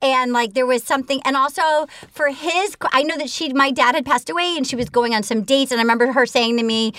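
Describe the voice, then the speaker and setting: A middle-aged woman hosts a podcast in a high voice, animated and excitable as she tells stories. She swears freely. The sound is close and dry, with no room around it. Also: brisk, no room sound. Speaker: podcast host. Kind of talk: casual chat. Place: studio.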